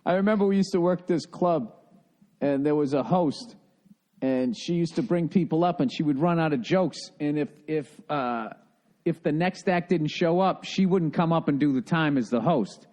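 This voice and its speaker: A middle-aged male comedian co-hosting a podcast, chatting casually and telling stories full of laughter and quick impressions of people. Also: a little high. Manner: animated storyteller who laughs often and mimics people. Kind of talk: casual chat.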